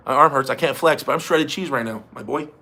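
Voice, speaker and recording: A man's voice: medium pitch, quick pace, sharp tone. A man hosting a casual livestream from his garage, joking and reading out viewer messages. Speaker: livestream host. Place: home garage.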